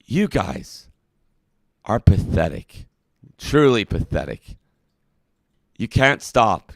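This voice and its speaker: Man hosting a mock call-in hotline, preachy and indignant, gravelly edge, lively pitch. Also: slow pace, dry recording, studio quality. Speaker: call-in show host.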